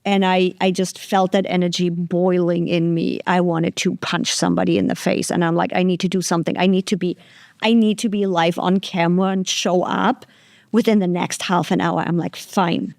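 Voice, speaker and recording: A woman's voice: fairly low pitch, flat delivery, moderate pace, gravelly, a little mellow, no room sound, clean studio sound. A woman hosting a podcast interview, talking frankly and animatedly, swearing freely and acting out her own reactions. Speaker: podcast host. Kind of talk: candid conversational interview.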